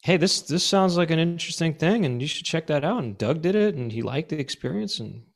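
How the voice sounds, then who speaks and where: A man co-hosting a comedy podcast, his voice a little higher than most and gravelly. He talks in a lively, swooping way, joking through casual banter. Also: brisk. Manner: joking, does goofy barking song impressions. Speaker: podcast co-host.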